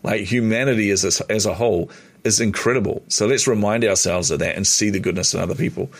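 A man's voice: fairly low pitch, fast, husky. A middle-aged man with a New Zealand accent, a podcast guest telling stories animatedly and acting out the dialogue. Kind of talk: casual storytelling interview.

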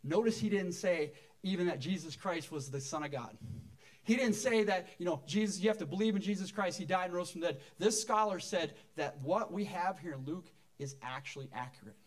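High-voiced pastor preaching conversationally. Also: male voice, brisk. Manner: conversational, jokes with the congregation. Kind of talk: sermon. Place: church.

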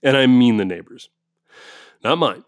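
A man's voice: mid-range voice, expressive, moderate pace, no room sound, lo-fi sound. A man telling his viewers a story as a heated, profane rant, often restarting his sentences. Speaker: vlogger.

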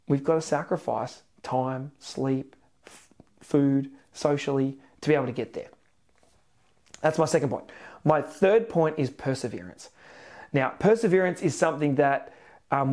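A man with an Australian accent hosting a motivational podcast, telling stories energetically with sudden excited rises. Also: mid-range voice. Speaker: podcast host, weight loss coach.

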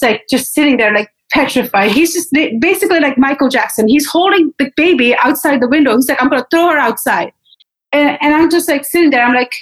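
A young woman from Pakistan telling her personal story in an interview, candid and animated, acting out what people said. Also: on the high side, low-quality recording. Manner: candid, animated, acts out quotes. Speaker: interview guest.

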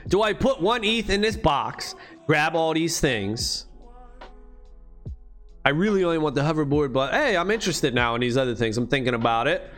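Casual male host, high-pitched, loose and profane, faint music underneath. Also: normal speed. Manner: loose, profane, excitable rambling. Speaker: crypto gaming channel host. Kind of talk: casual screen walkthrough commentary.

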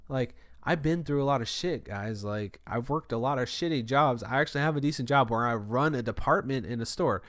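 A man's voice: medium pitch, normal speed, hardly any pauses, fairly bright tone, dry recording. A man who runs a store department, telling a rambling, frustrated story to his viewers in a casual rant. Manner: frustrated, venting.

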